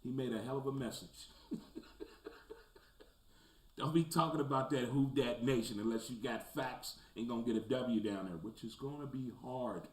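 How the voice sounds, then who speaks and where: At normal speed, an animated sports talk show host gives casual football commentary, shifting between loud rants and low mutters. The recording has a roomy echo and faint background noise.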